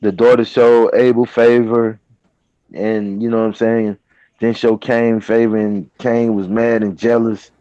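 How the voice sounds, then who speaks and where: A man's voice: mid-range voice, little pitch movement, unhurried, dark tone, dry recording. A man in a casual online panel chat talks loosely, full of slang and filler phrases. His mid-range voice comes through a dry, muffled call line. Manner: loose, slangy, keeps saying "you know what I'm saying". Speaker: panel guest.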